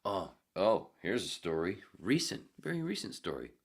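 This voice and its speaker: This solo podcast host, a middle-aged man, has a deep, very animated voice at a normal speed. He chats casually, wanders through stories that poke fun at himself, and reads messages from a live chat aloud, sometimes dropping to a whisper or breaking into laughs.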